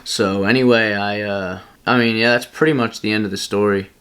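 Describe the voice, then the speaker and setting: Young male vlogger, deep voice, casual rambling storyteller who laughs at himself. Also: steady tone, moderate pace, fairly bright tone, clean tone. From Pennsylvania.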